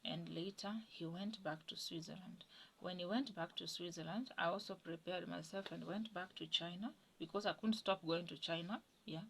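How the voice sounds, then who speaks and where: A woman's voice: fairly low pitch, normal speed, vocal fry, slight background noise, low-quality recording. A Kenyan woman in her thirties, telling a personal story in an interview and acting out the people she quotes. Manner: animated storytelling, voices quoted people, drops to whispers.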